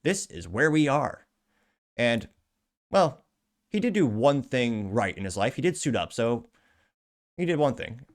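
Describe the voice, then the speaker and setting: A man's voice: medium pitch, very animated, measured pace, long pauses. A man hosting a podcast, reading out social media posts with sarcastic, rambling asides. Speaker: podcast host.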